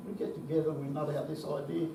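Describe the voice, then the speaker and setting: This man's voice is fairly high, flat, quick, creaky and dark, with a little hiss or hum. He is an Australian in his seventies telling anecdotes at a conference, swearing saltily and chuckling. The distant mic picks him up in an echoey hall.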